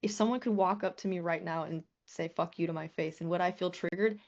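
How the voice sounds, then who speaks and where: A woman business coach teaching a live online class, earnest and lively, often swearing and acting out quoted messages. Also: lowish voice, brisk, dull audio.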